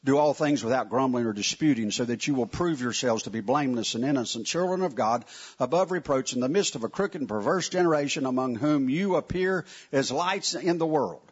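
A man preaching a sermon to his congregation in a church, folksy and animated, with asides to the listeners. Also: mid-range voice, a little fast, husky. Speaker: pastor. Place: church sanctuary. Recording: muffled lo-fi sound.

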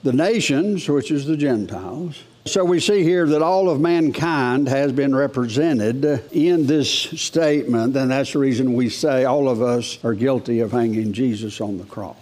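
A man's voice: medium pitch, unhurried, darkish tone. A middle-aged man preaching a sermon in a folksy way, asking the congregation rhetorical questions and reading scripture aloud.

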